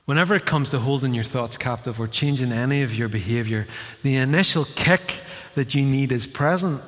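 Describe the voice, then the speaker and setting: A man delivers a sermon from the pulpit, animated and quick to act out voices as he tells his stories. His voice is bright and forceful. It rings with the long reverb of a church hall. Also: medium pitch. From Northern Ireland. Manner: animated storyteller, acts out voices. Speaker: pastor.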